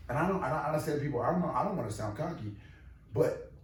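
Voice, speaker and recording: Man, boxing trainer, emphatic, animated, roomy echo, faint background noise. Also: on the high side, racing. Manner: emphatic, animated, with many repeated restarts. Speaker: boxing gym owner and trainer. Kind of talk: casual podcast interview. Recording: echoey room, distant mic, faint noise.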